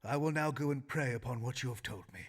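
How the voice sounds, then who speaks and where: A man's voice: medium pitch, quick pace, faint music behind, lightly acted. An actor voicing an aging, devout male stage actor who speaks in solemn Elizabethan phrasing, in a video game. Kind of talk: game voice acting.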